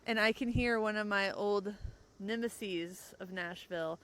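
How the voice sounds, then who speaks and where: A young woman hosting a podcast in casual chat, rambling and quick to laugh. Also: mid-range voice, a bit bright, clear, resonant tone, poor audio. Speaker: podcast host. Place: outdoors, in a parked car.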